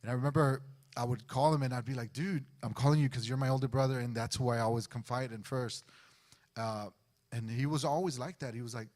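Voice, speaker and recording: A man's voice: medium pitch, fairly even intonation, brisk, darkish tone. Male guest, mid-range voice, conversational church testimony with re-enacted quotes. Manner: conversational, acts out other people's words. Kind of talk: personal storytelling on a church stage. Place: church sanctuary before a congregation.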